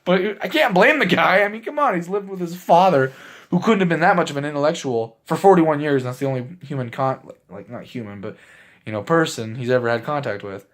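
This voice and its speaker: A man with a fairly high voice retells a film scene by scene in a loose, rambling way. He leans on fillers and restarts, and his excitement keeps spilling into laughter as he recaps for his viewers. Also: brisk. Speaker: movie reviewer. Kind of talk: casual spoken movie recap.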